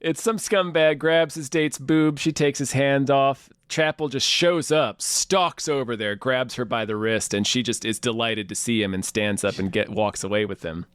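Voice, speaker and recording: A man with a mid-pitched voice recaps scenes in a wry, casual way, playing a podcast co-host. The sound is dry and close, with no room around it. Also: normal speed, few pauses, fairly bright tone, clean tone, no echo. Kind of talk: casual comedic recap chat.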